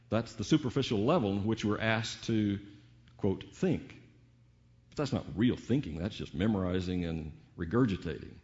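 A man preaching a sermon in a teacherly way, slowing down on key words and asking rhetorical questions. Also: fairly low pitch, darkish tone, muffled recording. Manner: teacherly, varied emphasis with drawn-out pauses and rhetorical questions.

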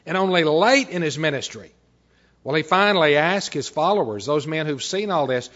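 Brief: male pastor, sermon delivery, measured and often quiet, voice sits a little high, dull lo-fi recording. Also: animated. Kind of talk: sermon with Bible reading.

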